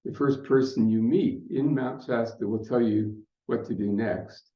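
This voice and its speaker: An older man speaking at a conference, telling a personal story in an unhurried, reflective way with fillers. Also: mid-range voice. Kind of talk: storytelling talk. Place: conference hall. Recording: muffled roomy hall recording.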